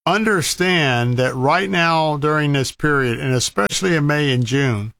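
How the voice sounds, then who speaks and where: A man's voice: fairly high pitch, unhurried, creaky, a bit bright, no room sound. Folksy man with a dry close sound. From Florida. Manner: folksy, emphatic warnings with repeated words. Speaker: outdoor storyteller giving wildlife safety advice. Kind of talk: casual storytelling monologue.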